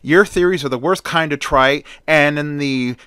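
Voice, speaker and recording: A man's voice: fairly high pitch, moderate pace, a bit bright, smooth, no room sound, studio quality, close to an everyday voice. A man voicing a stern middle-aged college dean who lectures firmly in a fan retelling.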